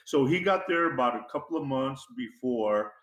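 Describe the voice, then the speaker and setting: A man's voice: mid-range voice, lively intonation, moderate pace. Emphatic man, roomy echo. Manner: emphatic, repeats key phrases. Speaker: guest. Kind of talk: casual interview talk.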